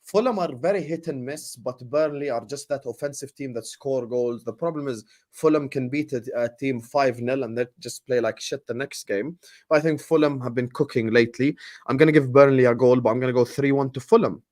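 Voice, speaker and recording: A man hosting a casual football podcast with a relaxed, chatty manner. His voice sits at an ordinary middle pitch, and he slips Arabic phrases into his talk now and then. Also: fairly quick. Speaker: podcast host.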